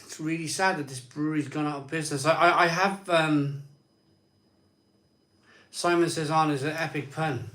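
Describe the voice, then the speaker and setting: A man's voice: on the high side, fairly even intonation, moderate pace, long pauses, a bit bright, roomy sound. A man hosting a casual live stream, chatting in a rambling way. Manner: chatty, rambling, frustrated sighs. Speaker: live show host.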